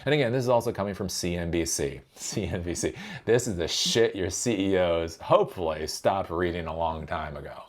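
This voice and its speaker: A man's voice: sits low, brisk. A man hosting a tech commentary channel, ranting sarcastically and with profanity and often repeating himself with a rhetorical "right?".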